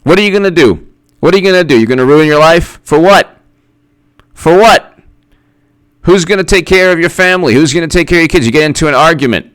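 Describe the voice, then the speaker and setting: Guy ranting about politics, lively swooping voice kinda high, keeps asking what for, repeats stuff. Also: racing, smooth. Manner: animated, incredulous, rhetorical questions, repeats phrases; greets live chat viewers by name. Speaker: political commentary host. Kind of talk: casual political commentary.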